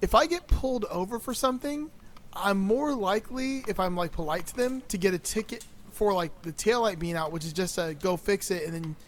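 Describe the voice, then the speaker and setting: A man with a notably high voice, joking and telling stories in a casual podcast conversation. He laughs easily and drifts into anecdotes. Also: a little fast, a little hiss or hum. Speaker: podcast co-host. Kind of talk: casual movie chat.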